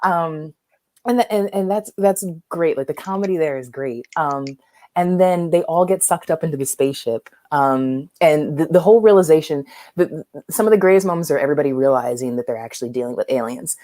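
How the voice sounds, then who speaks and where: A woman's voice: low-pitched, fairly quick, warm tone, no echo. A woman guest on a movie podcast, talking casually and rambling with many fillers and restarts. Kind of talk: casual chat.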